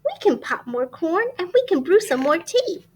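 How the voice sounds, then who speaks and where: A woman voicing a tiny, kind mouse with a squeaky, soothing voice. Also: sing-song, moderate pace, a little hiss or hum. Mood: reassuring.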